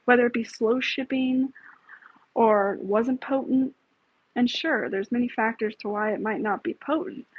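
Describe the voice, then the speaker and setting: A woman's voice: on the high side, slightly rough, no echo. A woman hosting a casual live stream, talking bluntly, with frequent swearing and rambling asides. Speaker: livestream host. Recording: tinny phone-like, dry sound.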